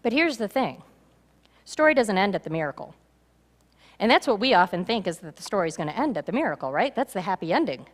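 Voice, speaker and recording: Animated woman pastor preaching. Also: medium pitch, brisk. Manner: animated, acts out the story's voices. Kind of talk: sermon. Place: church sanctuary. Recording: reverberant church hall.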